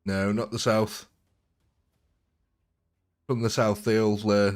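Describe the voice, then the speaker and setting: Chatty gaming streamer. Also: male voice, on the low side, level tone, measured pace, long pauses, darkish tone. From English Midlands. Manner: chatty, laughs often. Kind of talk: live gameplay commentary.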